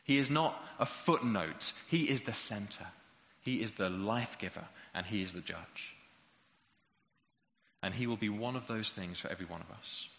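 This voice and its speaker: A man's voice: lowish voice, normal speed, a bit bright. A man preaching a sermon, emphatic and rhetorical, building to passionate peaks. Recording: dull echoey hall recording.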